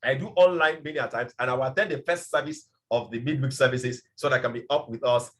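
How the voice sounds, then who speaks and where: A man's voice: mid-range voice, quick pace, a bit bright. A man giving a passionate motivational training talk as a business mentor, emphatic and repeating his points.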